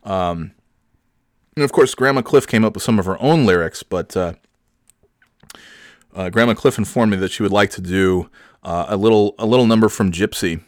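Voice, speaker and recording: A lower-pitched man rambling through a comedy podcast on his own, full of fillers and trailing asides. His voice is close and dry, with no room sound around it. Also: moderate pace, pauses often, no room sound. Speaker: podcast host.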